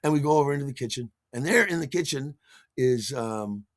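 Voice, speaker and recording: A man's voice: mid-range voice, lively intonation, a little fast, no echo, clean studio sound. A man telling a personal story in an enthusiastic, theatrical way as a podcast host, scatting rhythms along the way.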